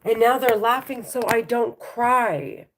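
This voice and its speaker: A woman talking to the camera at home, halting and repetitive, often restarting her sentences. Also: on the high side, steady tone, slight background noise. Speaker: vlogger.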